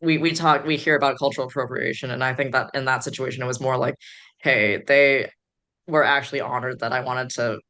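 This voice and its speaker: Rambling woman guest with a bright voice. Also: extremely low pitch, fairly even intonation, fairly quick. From Chicago area. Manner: rambling, digressive, many fillers. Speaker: podcast guest. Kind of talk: casual podcast chat.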